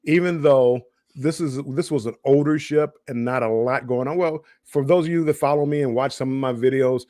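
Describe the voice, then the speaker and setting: A middle-aged man chats on a live cruise stream and rambles through his stories, restarting often and repeating words. His voice sits at an ordinary pitch. The recording is dry and close. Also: normal speed, dark tone, no echo. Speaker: cruise show co-host. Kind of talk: casual live-stream chat.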